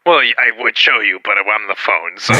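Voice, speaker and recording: A man's voice: fairly low pitch, normal speed, pushed and bright, no echo, rough recording. A man playing a rambling pop diva on the phone. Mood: chatty. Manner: rambling, self-promoting, loses the thread. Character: ditzy female pop diva caller. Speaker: prank caller.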